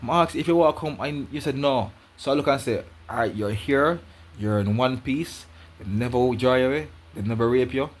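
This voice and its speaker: A husky-voiced Jamaican man at an ordinary middle pitch tells a personal story in patois. He rambles, circles back and repeats himself, like someone recounting something to a friend. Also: fairly quick.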